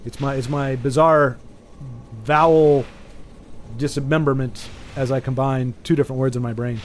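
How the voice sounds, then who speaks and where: A man streaming a game and chatting casually, rambling with frequent restarts and sudden excited bursts. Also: medium pitch, moderate pace, a little hiss or hum. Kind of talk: casual chat while gaming.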